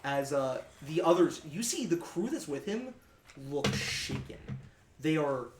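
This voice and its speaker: High-voiced man running a tabletop game. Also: big pitch swings. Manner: halting, many fillers and restarts. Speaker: game master. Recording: echoey room, distant mic, faint noise.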